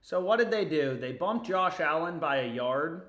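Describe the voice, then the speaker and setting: Young man, high-pitched, excitable, swears, casual livestream, echoey room. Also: normal speed. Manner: excitable, swears, talks to himself. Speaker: sports betting streamer. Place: home.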